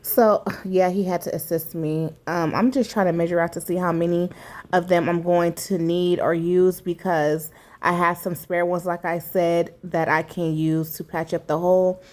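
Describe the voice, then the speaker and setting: A woman's voice: lowish voice, steady tone, moderate pace, darkish tone. A middle-aged woman talking candidly through a home repair in a chatty, casual vlog, with many fillers along the way. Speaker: vlogger. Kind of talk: casual DIY vlog narration.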